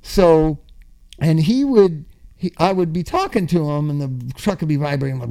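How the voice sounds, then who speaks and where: An older man telling a long, funny story in a casual chat, swearing freely, laughing often and acting out his own yelling. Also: high-pitched, sing-song, moderate pace.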